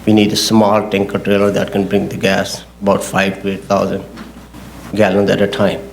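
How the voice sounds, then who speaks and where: A man, the project engineer, presenting his case at a public zoning hearing in a halting, technical way, often repeating himself. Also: sits low, completely flat delivery, vocal fry, a little hiss or hum.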